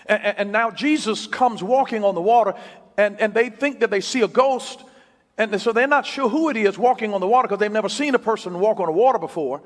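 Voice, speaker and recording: Brief: male preacher, high and lively voice, emphatic repeats, long hall echo. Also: brisk. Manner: emphatic, repeats key phrases, swings from loud to hushed. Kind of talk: sermon.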